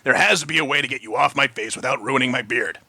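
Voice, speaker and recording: A man voicing a gruff, irritable middle-aged biker in a storybook reading, grumbling and exasperated. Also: mid-range voice, fast talker, bright, forceful tone, dry recording. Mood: irritated.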